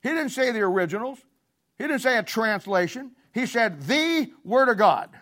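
A man preaching a sermon with a blunt, scolding, plain-spoken manner, swinging from quiet murmurs to loud emphatic peaks. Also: very high-pitched, very animated, moderate pace.

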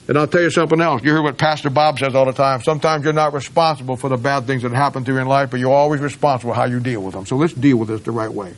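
Middle-aged male pastor, halting sermon delivery with frequent restarts and emphatic climbs. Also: mid-range voice. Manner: halting with many restarts, rising to emphatic peaks.

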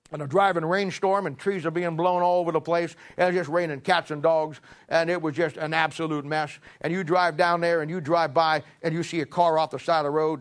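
A man preaching a sermon, emphatic and repetitive, swinging between loud emphasis and hushed, drawn-out lines. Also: fairly high pitch.

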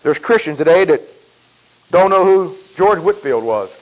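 A man preaching a sermon in a folksy, emphatic way, repeating himself and clearing his throat often. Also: on the high side, animated, moderate pace, low-quality recording.

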